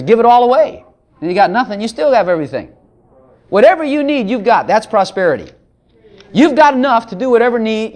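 A man's voice: high-pitched, darkish tone. A man preaching a sermon, joking between passages of scripture he reads aloud. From Texas.

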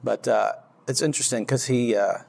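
A man's voice: medium pitch, steady tone, brisk, gravelly, a little mellow. A man giving an informal, rambling faith testimony to a group, often restarting his sentences and laughing at himself. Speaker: church speaker.

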